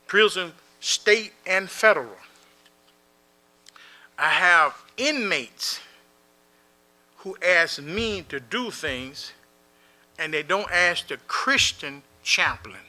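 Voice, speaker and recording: A man with a high, bright, forceful voice speaks as a Muslim prison chaplain giving a motivational talk to a community gathering. He tells plainspoken stories, acts out dialogue in scenes, and repeats key phrases for emphasis.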